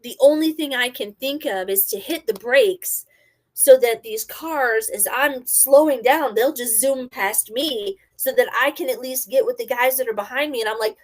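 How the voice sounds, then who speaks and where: A middle-aged woman and former army medic, casually telling a story and acting out her own quotes loudly. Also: fairly high pitch, moderate pace.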